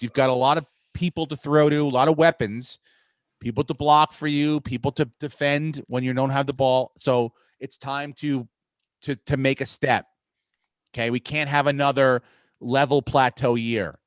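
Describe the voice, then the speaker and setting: A man hosting a podcast, talking sports in a profane, rambling, excitable way. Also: mid-range voice, moderate pace, no echo. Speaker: podcast host. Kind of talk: casual sports chat.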